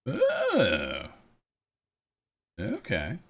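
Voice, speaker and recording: A man streaming a train game live, easygoing and self-deprecating, thinking out loud to his viewers as he plays. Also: lowish voice, wildly swooping pitch, extremely slow, gravelly, slightly rough. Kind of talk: casual live gameplay commentary.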